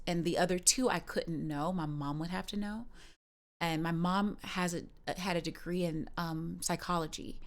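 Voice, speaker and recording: A woman's voice: on the low side, creaky. A woman streamer talking in a rambling, candid way, with many fillers and restarts. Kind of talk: casual personal chat on a livestream.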